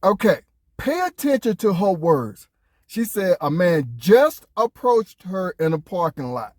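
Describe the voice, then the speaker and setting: A man's voice: high voice, sing-song, unhurried, no room sound. A man giving casual reaction commentary, emphatic and incredulous, with lots of rhetorical questions. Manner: casual, conversational.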